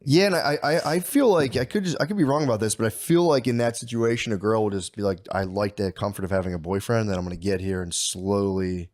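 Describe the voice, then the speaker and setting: A man's voice: lowish voice, fast, hardly any pauses, a little mellow. A man co-hosting a podcast in loose, profane casual chat, laughing often. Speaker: podcast co-host.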